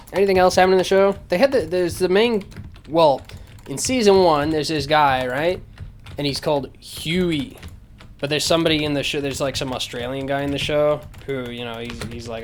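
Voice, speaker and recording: A man's voice: on the high side, slight background noise. Sarcastic, profane man ranting casually. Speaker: podcast host. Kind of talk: casual rant. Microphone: close microphone.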